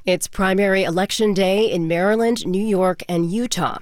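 A woman newscaster reading national headlines in a crisp, formal broadcast style. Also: mid-range voice, moderate pace, darkish tone, no echo, studio quality. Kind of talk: scripted news reading.

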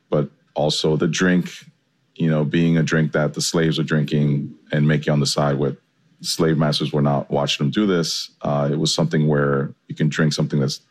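Super deep voiced guy, chef chatting excitedly in an interview. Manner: enthusiastic, loose and chatty. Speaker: chef and guest. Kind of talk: casual interview answers.

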